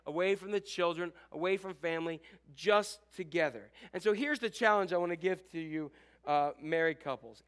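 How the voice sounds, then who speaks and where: High-voiced animated male pastor. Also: clear, resonant tone. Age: middle-aged. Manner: animated, joking with the congregation, acts out quotes. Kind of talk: sermon.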